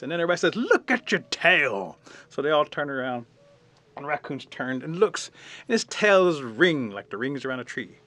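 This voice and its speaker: Animated man telling a traditional story. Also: mid-range voice. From Cherokee Nation. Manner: animated, dramatic, acts out the scenes.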